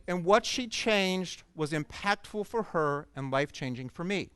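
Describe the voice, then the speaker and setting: A man's voice: sits high, lively intonation, measured pace, hardly any pauses, a bit bright, clean tone, no echo. A man giving a conference talk, telling a personal story with humor and self-deprecating asides to an audience. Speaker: speaker at a coaching conference. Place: conference stage.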